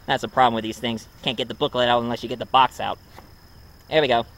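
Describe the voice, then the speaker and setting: A man's voice: mid-range voice, steady tone, fast talker, a bit bright. A man casually reviewing a movie at home, rambling with many ums and uhs. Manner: rambling, full of ums and uhs, chuckles often.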